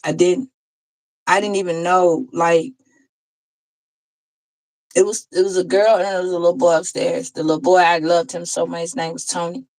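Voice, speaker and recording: A woman tarot reader telling an emotional personal story in a heartfelt, conversational way, pausing and restarting as she goes. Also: on the low side, darkish tone, rough recording.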